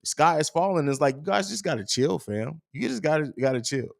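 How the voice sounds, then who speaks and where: A man's voice: a little high, lively intonation, a little fast, vocal fry. A young man hosting a casual live stream, talking in slang and reading viewer comments aloud. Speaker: host of a fan live stream.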